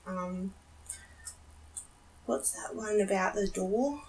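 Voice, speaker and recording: A woman's voice: medium pitch, takes it slowly, darkish tone. A woman co-hosting a podcast, chatting casually and laughing easily. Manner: giggly, easygoing. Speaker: podcast co-host. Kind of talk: casual chat.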